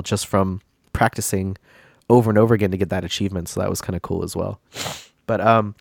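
A man's voice: fairly low pitch, darkish tone, no echo, clean studio sound. Congested man rambling on a podcast. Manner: rambling, lots of fillers and restarts. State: congested, stuffy from a cold. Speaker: podcast host. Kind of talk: casual gaming podcast chat.

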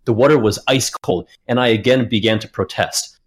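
A man's voice: medium pitch, normal speed, husky. A man hosting a casual podcast, retelling a story, reading passages aloud and swearing casually. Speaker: podcast host.

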